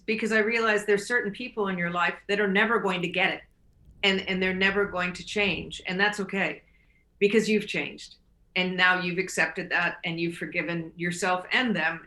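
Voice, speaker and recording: Bright, earnest woman in a roomy space. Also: on the low side. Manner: earnest, restarts often, laughs easily. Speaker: recovery podcast host. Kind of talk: casual advice talk.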